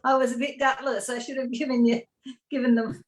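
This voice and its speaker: Woman poet, light and self-mocking, fairly high voice. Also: little pitch movement, brisk.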